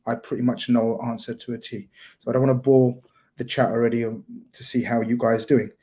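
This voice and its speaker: A man's voice: medium pitch, level tone, fairly quick, mellow. A man hosting a casual live stream, chatty and teasing, reading out a sponsor plug and welcoming his panel. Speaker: host.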